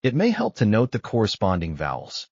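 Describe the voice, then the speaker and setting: Lively low-voiced male language tutor. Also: breathy edge, no echo, highs cut off. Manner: explanatory, measured. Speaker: language teacher. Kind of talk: scripted narration.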